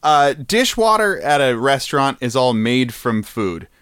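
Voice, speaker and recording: A man's voice: mid-range voice, big pitch swings, unhurried, fairly bright tone, clean tone, no room sound, studio quality. A man co-hosting a podcast in casual chat, playful and jokey, often laughing. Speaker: podcast co-host.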